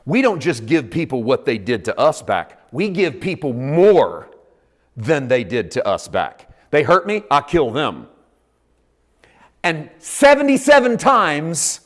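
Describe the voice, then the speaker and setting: Animated preaching man. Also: on the high side. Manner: swings between hushed asides and loud emphatic preaching; acts out quoted voices in dialogue. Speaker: pastor. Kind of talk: sermon.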